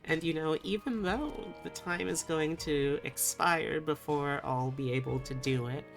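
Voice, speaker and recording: A woman's voice: sits low, unhurried, soft background music. A woman streaming live, chatting with viewers in a playful, teasing, sultry way. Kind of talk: casual live-stream chat with chat readings.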